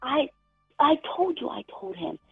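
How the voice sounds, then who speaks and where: A woman's voice: high voice, big pitch swings, a little slow, vocal fry, no room sound, faint music behind. A woman on a phone call, pleading and defensive, keeping her voice down, heard over a tinny phone line.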